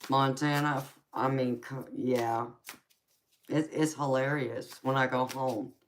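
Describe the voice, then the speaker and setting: Woman, Southern US accent, very deep voice, unhurried, chatty live-stream host, laughs a lot. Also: steady tone, a little hiss or hum. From United States. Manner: laughs often, calls listeners "baby". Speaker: tarot reader hosting a live stream. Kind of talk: casual live chat.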